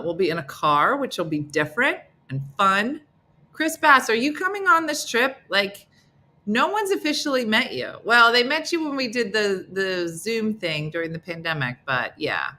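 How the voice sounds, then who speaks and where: A middle-aged woman hosting a casual live morning chat, playful and teasing as she talks to her viewers. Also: bright, forceful tone. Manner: playful, teasing, bursts into high silly voices for others. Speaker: live show host.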